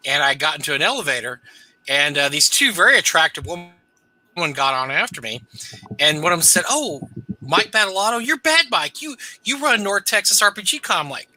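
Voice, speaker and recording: A man's voice: fairly high pitch, lively intonation, moderate pace, bright, forceful tone, rough recording. A man co-hosting a livestream chat, telling self-deprecating stories. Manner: chatty, self-deprecating, laughs at own stories. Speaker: co-host.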